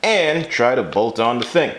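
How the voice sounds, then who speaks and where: A man's voice: medium pitch, animated, measured pace, fairly bright tone. A man hosting a casual car repair vlog, rambling and joking at himself while he works in a garage. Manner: joking, rambling, self-mocking. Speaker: channel host.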